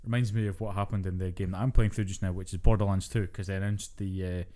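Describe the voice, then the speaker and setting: A young man co-hosts a casual podcast, rattling through game details at a quick clip. His voice is low, dark and mellow. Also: little pitch movement. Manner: fast, chatty, explains game details. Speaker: podcast co-host. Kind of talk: casual chat.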